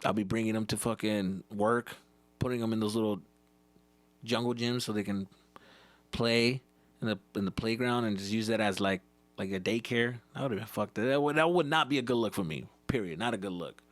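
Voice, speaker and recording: A man, a comedian hosting his own podcast, tells profane, animated stories from his childhood and acts out the scenes as he goes. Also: fairly low pitch, a little fast, no room sound. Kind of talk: profane comedic storytelling monologue.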